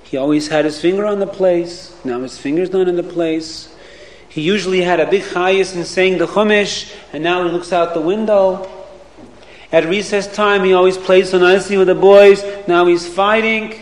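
A man's voice: high-pitched, steady tone, normal speed, slight background noise, natural voice. A man voicing a worried, earnest male teacher reporting on a pupil, in an echoey room. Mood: concerned. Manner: earnest, concerned.

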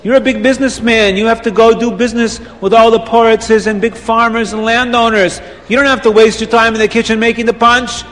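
A man's voice: very high-pitched, flat delivery, brisk, few pauses, fairly bright tone. A man voicing puzzled hotel cooks who chide a familiar visitor. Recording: long reverb.

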